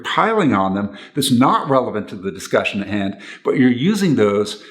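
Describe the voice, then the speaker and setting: A man's voice: fairly low pitch, very animated, normal speed, hardly any pauses, a bit bright. A man giving relationship advice to camera in an earnest, instructional way, repeating his key points.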